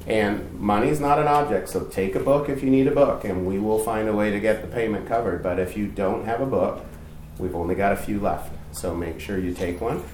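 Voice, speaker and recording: A man's voice: on the low side, fairly quick, darkish tone, a little hiss or hum. A man giving a candid, chatty storytelling sermon as youth pastor, poking fun at himself. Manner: candid, self-mocking, chatty. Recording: echoey room, distant mic.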